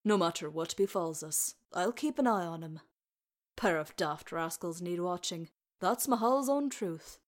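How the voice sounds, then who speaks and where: A woman's voice: on the low side, lively intonation, a little slow. A woman doing Oin, a kindly old dwarf. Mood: kindly, stubborn. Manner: folksy, homely speech with lass and laddie. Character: old deaf male dwarf healer, kindly and stubborn.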